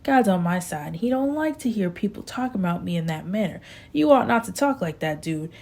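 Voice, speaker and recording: Picture a poor old backwoods farmer, as a woman reads him, preaching about sin and righteousness with a gravelly edge. He pleads, scolds and justifies himself in a raised, self-righteous tone, read in a storybook style. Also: mid-range voice, expressive, brisk, darkish tone. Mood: preachy.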